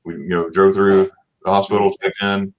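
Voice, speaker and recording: A middle-aged man from Florida hosting a casual livestream chat, telling animated stories and acting out what people said with laughs. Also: low voice, normal speed, highs cut off. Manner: animated storyteller, acts out quotes with laughs. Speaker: livestream host.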